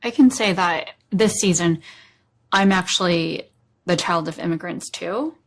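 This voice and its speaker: A woman from the United States with a somewhat low voice. She speaks thoughtfully and sincerely, answering an interviewer's question. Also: a little slow. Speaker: interviewee, actor.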